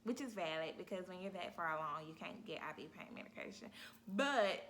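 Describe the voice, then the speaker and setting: A woman vlogger telling a story in a casual, animated way, talking straight to her viewers. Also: on the low side, a little fast, slight background noise. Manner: animated, talks straight to viewers, acts out her own cries.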